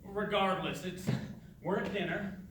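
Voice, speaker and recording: A man plays an embarrassed grown son in an indie short film. He hesitates and stumbles over his words. His slightly high voice sounds distant, with heavy room echo and background noise. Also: fairly even intonation, unhurried. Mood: awkward. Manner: hesitant, full of uhs, bursts out when pushed. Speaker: grown son at a family dinner. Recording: echoey room, mic from afar, noisy.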